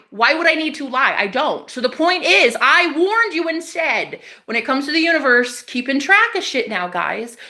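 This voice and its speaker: A woman's voice: high voice, bright, forceful tone. Sarcastic woman ranting on a livestream. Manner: sarcastic, confrontational, laughing, swearing. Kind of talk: casual livestream rant to chat.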